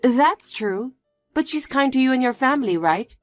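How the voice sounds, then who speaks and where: An anxious, earnest young woman pleads and questions in disbelief, as a narrator puts her on. Her voice rides noticeably high and a bit louder. It is recorded dry and close over faint music. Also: animated, normal speed, dry recording. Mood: reassuring. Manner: pleading and incredulous.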